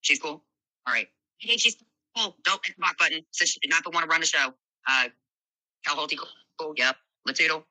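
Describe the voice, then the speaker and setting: A brash, foul-mouthed woman hosts a live stream, moderating and scolding her callers. Her low-pitched voice is brisk, intensely bright and forceful, recorded dry and close with no room sound, and the recording is rough.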